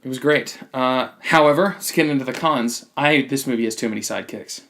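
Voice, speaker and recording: Male podcast host, mid-pitched, casual and opinionated, blunt critic who restarts sentences often. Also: brisk, a bit bright. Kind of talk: casual movie review chat.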